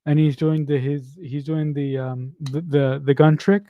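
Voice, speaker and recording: A man co-hosting a casual movie commentary, enthusiastic, halting with many fillers. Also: on the high side, steady tone, dry recording, muffled recording. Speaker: podcast co-host.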